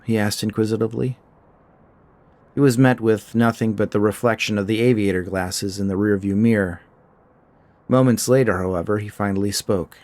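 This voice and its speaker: Male narrator, low voice, measured pace, scripted short story reading. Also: darkish tone, no echo.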